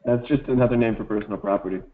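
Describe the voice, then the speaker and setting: A man's voice: mid-range voice, very fast, narrow, tinny audio. A man answering as a student in a casual tutoring session, laid-back and hesitant, feeling his way through answers. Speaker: exam student.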